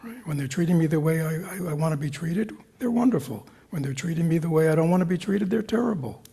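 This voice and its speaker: A man leads a dharma talk in a gravelly, rough-edged voice with a dark, mellow tone. He questions his audience constantly and slips into soft whispers. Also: on the high side, fairly even intonation, fast. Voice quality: gravelly, husky. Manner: questioning, engaging the audience with repeated "right?" and "you know"; drops into soft whispers at times. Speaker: meditation teacher. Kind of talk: dharma talk to a retreat group. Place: meditation hall with a live group.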